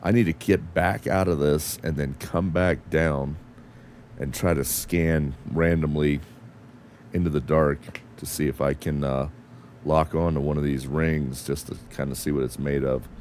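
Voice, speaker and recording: A gravelly, rumbling low voice, unhurried and steady, with a darkish tone: an American man flying in a space game he's streaming, muttering and swearing to himself and his chat. His mixed accent is neither northern nor southern, the talk is casual gameplay commentary, and there's slight background noise.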